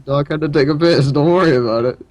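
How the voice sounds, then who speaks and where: A man's voice: on the high side, fast talker, a little mellow, dry recording. A man co-hosting a casual gaming podcast, teasing the others and laughing often. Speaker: podcast co-host.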